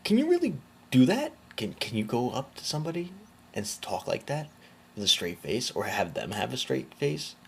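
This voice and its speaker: Sarcastic man with a lively gravelly voice. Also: fairly low pitch, moderate pace, slight background noise. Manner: incredulous, sarcastic, mocking. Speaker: commentary video host. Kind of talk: casual commentary.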